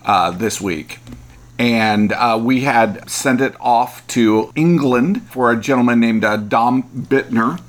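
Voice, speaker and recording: A man's voice: mid-range voice, slow. A man co-hosting a podcast in casual, joking chat with his wife. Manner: joking, animated, lively intonation. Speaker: podcast co-host.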